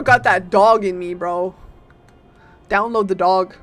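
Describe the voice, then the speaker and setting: A woman streaming a game live, chatting casually and playfully with bursts of loud exclamations. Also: a little high, a little slow, faint music behind.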